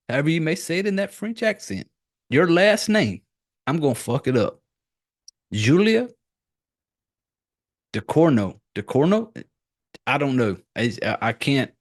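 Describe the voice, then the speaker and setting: A man rambles through a casual podcast monologue. His mid-range voice is loose and crude, full of swearing, fillers and restarts as he talks straight to his listeners. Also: medium pitch. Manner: crude, profane and self-deprecating, many fillers and restarts. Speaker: podcast host.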